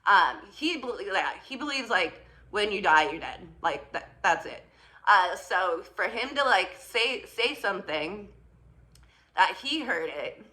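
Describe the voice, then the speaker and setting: Bright-voiced woman telling a story. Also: mid-range voice. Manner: chatty, swears, quotes her partner, laughs often. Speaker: spiritual vlogger. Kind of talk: casual storytelling to camera.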